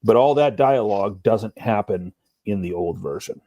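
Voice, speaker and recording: Deep, mellow-voiced man discussing a book. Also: dry recording. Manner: thoughtful, measured, with fillers. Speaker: podcast co-host.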